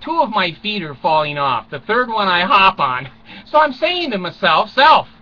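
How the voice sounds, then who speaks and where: A man's voice: high-pitched, sing-song, normal speed, bright, forceful tone, highs cut off. An older man rambling through a crude, self-mocking comic monologue from a small closet at home, chuckling often. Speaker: vlogger.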